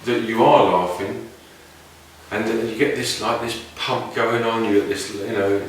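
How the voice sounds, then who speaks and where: A man with a slightly low voice tells a wandering anecdote, stopping and restarting as he reflects. He is recorded from a distance in a very echoey room. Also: steady tone, measured pace, slight background noise. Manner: meandering, reflective, with many restarts. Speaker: didgeridoo player sharing stories. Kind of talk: casual anecdotal storytelling. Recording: very echoey room, mic far off.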